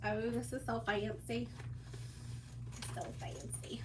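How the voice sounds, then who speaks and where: A woman's voice: fairly high pitch, level tone, slow. A woman hosting a sewing live stream, chatting casually and laughing often as she answers viewers while she works. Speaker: sewing livestream host. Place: sewing workspace away from home. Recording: distant mic with audible background noise.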